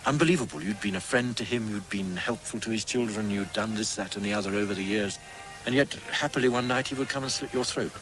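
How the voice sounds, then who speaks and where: A man's voice: lowish voice, fast talker, a bit bright, rough recording. A man in an interview reflecting earnestly, stressing his disbelief. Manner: earnest, incredulous emphasis.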